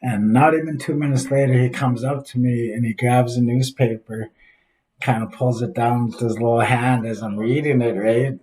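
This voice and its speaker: A man's voice: mid-range voice, steady tone, a little mellow, low-quality recording. Earnest man telling a personal story. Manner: earnest, reflective, with pauses and fillers. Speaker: father sharing his recovery story. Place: office.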